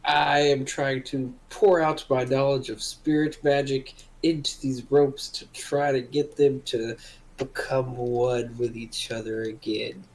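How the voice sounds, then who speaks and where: A man's voice: mid-range voice, flat delivery, unhurried, poor audio. A man playing in a tabletop game, speaking in a casual, offhand way. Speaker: player.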